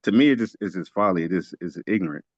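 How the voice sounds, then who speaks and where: A man's voice: low voice, lively intonation, fast talker, no room sound, muffled recording. A man leading a casual religious study discussion, making his points emphatically and asking rhetorical questions. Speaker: teacher of a religious study group.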